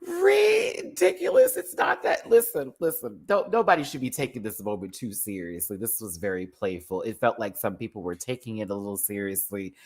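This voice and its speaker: A man ranting casually as a show reviewer, sassy and animated, laughing often and swearing freely. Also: lowish voice, fairly quick, few pauses. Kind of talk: casual reaction rant.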